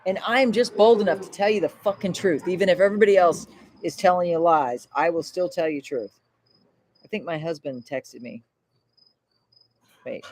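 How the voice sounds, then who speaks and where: A woman's voice: fairly low pitch, normal speed, long pauses, darkish tone, a little hiss or hum. A woman from Florida hosting a casual livestream, rambling and chatty and swearing freely. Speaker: livestream host.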